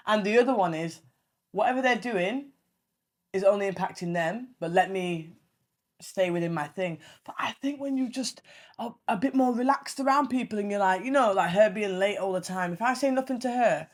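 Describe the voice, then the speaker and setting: A young woman, hosting a casual solo podcast, blunt and animated, swearing freely as she tells stories. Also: mid-range voice, a little fast. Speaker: podcast host.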